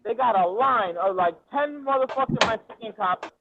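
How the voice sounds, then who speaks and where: Excitable high-voiced man telling a story. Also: moderate pace, noisy background. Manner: profane, excitable, slangy street talk. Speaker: storyteller guest. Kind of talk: casual chat, animated storytelling. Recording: tinny phone-like audio.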